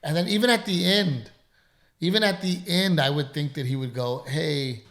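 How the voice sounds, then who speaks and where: A man with a gravelly, creaky voice tells a story in a casual podcast chat. His delivery is emphatic, and he swears freely. He sounds congested, as if he is recovering from being sick. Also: fairly high pitch, moderate pace, fairly bright tone. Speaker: comedian.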